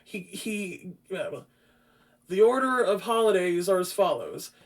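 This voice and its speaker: High-voiced, profane rambling podcast host. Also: male voice, a little slow. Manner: profane, rambling, frequent restarts; grows loud and animated. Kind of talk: casual rambling film review.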